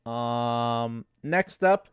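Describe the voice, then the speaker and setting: Coughing man, smooth dry voice. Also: medium pitch, expressive, very slow, dry recording. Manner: rambling, frequent fillers and swearing. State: has a cough. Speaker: podcast host. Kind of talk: casual sports chat.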